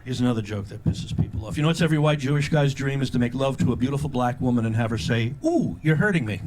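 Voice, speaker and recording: An older man performing a live stand-up comedy routine with a punchy delivery, often leaping into loud, high character voices. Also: steady tone, very fast, background noise. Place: comedy stage before a live audience. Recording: live show with crowd laughter. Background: audience laughter.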